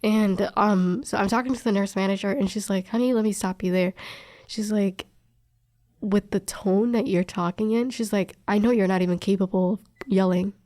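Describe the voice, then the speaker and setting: Her medium-pitched voice has a darkish tone and fairly even intonation, moving at a normal speed with no echo. The young woman, a respiratory therapist, shares frank, emphatic stories from her work in an interview, repeating what others told her.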